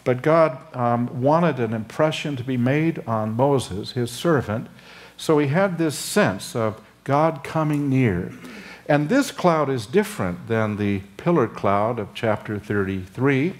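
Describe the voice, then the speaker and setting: Older man, seminary professor, expository sermon, slow-paced, wide lively pitch, hesitant fillers. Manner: slow and deliberate, with frequent uh and um, voice lifting for emphasis; acts out dialogue between Moses and God.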